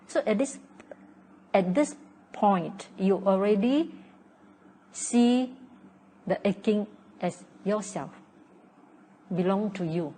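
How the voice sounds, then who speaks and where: Mellow-voiced Malaysian woman in her sixties. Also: mid-range voice, slight background noise, rough recording. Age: 60s. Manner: repetitive, checks in with "huh?" and "okay?". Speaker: meditation teacher. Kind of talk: dharma talk.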